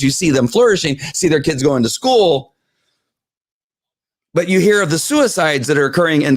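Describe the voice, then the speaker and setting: A man's voice: a little high, dry recording, clean studio sound. A man hosting a live political talk show from home, exasperated and rambling, with frequent restarts as he reads viewer comments.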